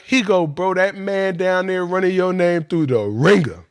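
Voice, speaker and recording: Man, higher voice, dry close sound, fired-up storytelling, cursing, slangy. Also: normal speed, clear, resonant tone, no echo. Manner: animated, profane, slangy, vents with heat. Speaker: former pro football player telling his story. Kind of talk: casual podcast storytelling.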